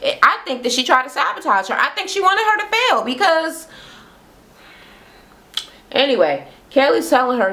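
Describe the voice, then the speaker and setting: Profane, animated woman ranting a recap. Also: a little high, unhurried. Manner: profane, animated, acts out quotes in voices. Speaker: reality TV recap host. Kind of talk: casual recap rant. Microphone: camera mic, talking to camera.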